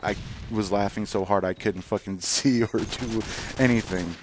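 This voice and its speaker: Low-voiced man rambling over gameplay. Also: fairly even intonation, moderate pace, noisy background. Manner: rambling, profane, frequent fillers and restarts. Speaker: gaming channel host. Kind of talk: casual gameplay commentary.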